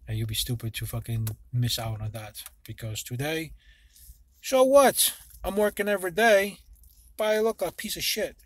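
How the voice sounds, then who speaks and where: A man's voice: on the high side, moderate pace. A man talking casually to his viewers in a vlog, rambling and swearing freely, often restarting his sentences. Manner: rambling and profane, with many restarts. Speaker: vlogger.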